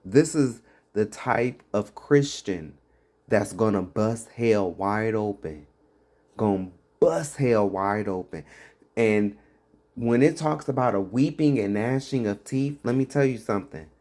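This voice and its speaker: A man's voice: on the low side, expressive, unhurried, a little mellow. A man giving fiery, blunt commentary on preachers, scornful and mocking. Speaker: religious commentator.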